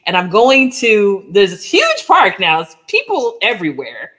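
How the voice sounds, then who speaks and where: Animated woman telling a podcast story. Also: medium pitch, a little slow, few pauses, husky. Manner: animated storyteller, acts out dialogue, frequent "like" and "oh my gosh". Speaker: podcast co-host. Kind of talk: casual storytelling chat.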